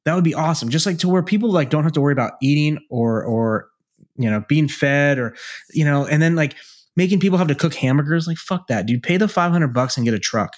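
A man's voice: a little high, expressive, fast talker. A man co-hosting a podcast, chatting casually in a rambling, laid-back, profane way. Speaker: podcast co-host. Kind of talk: casual chat.

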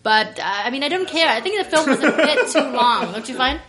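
A woman's voice: high-pitched, very animated, fairly quick, a crowd in the background. A woman co-hosting a podcast, chatty and upbeat, laughing often as she talks. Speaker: podcast co-host. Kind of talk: casual chat.

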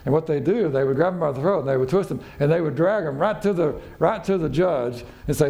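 Mellow-voiced pastor telling a story. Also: male voice, fairly quick, creaky. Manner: conversational storytelling, acting out quotes with raised pitch. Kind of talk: sermon.

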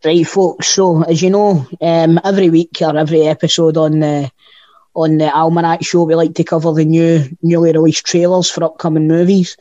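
A man's voice: a little high, level tone, normal speed, warm tone, muffled recording. A Scottish man co-hosting a podcast, chatting casually with blunt, sweary banter. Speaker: podcast co-host. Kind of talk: casual chat.

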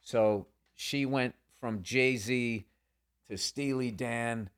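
A man telling stories in a casual interview, loose and rambling, peppering his talk with swearing. He slips into quoted voices as he acts out what people said. His voice sits at an ordinary middle pitch for a man. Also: extremely slow, clear, resonant tone. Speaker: guest comedian.

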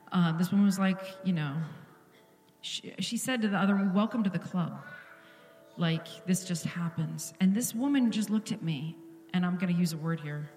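Woman pastor preaching, earnest and close, goes quiet sometimes, echoey church, soft music. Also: on the low side. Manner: earnest and intimate, drops to a whisper at times. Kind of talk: sermon. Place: church sanctuary.

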